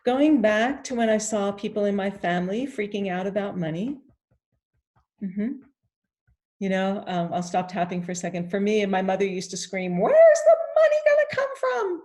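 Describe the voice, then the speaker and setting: A woman coaching a guided tapping session. She speaks gently, repeats phrases in the first person, and pauses for sighs and deep breaths.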